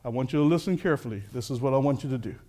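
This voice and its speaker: A man voicing God as a calm, patient voice that gives steady, gentle commands. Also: medium pitch, rapid-fire, voice pushed down, close to an everyday voice.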